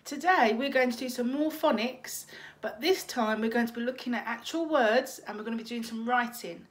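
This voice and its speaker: A woman teacher leading a phonics lesson for young children, slowly sounding out letters and praising them. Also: on the high side. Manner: slow, encouraging, sounds out letters.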